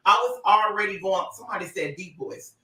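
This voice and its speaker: Bright, animated man talking on a livestream. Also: high-pitched, brisk, reverberant, far from the mic, low-quality recording. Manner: animated and sassy, laughing often. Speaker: social media personality on a livestream. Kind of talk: casual livestream talk to followers.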